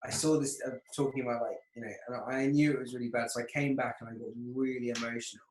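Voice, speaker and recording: A man's voice: medium pitch, quick pace. A young man chatting casually, telling stories and acting out friends' lines with lots of swearing. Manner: animated storyteller, quotes friends in lively voices, swears. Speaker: podcast guest. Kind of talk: casual chat. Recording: echoey room.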